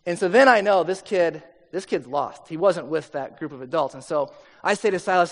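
A man's voice: high voice, brisk, big-room sound. A middle-aged man, a pastor, telling a personal story in a conversational sermon with many asides.

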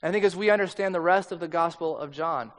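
A male pastor preaching with a relaxed, conversational, storytelling manner. His voice sits fairly high. He is recorded in a church sanctuary with a long hall reverb. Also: quick pace. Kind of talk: sermon.

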